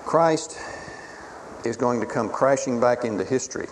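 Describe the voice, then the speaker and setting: A man preaching a sermon in a dramatic, emphatic way, swinging between booming declarations and hushed pleas. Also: moderate pace. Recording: reverberant hall with faint ambient noise.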